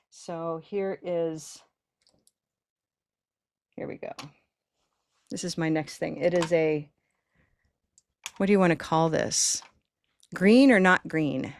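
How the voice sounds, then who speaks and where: A woman leads a live pronunciation class over a video call, cheering her learners on and drawing words out slowly so they can hear each sound. Her voice sits a little low and reaches the mic dry, with almost no room sound. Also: no echo. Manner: encouraging, stretches words slowly to demonstrate sounds. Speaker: pronunciation teacher.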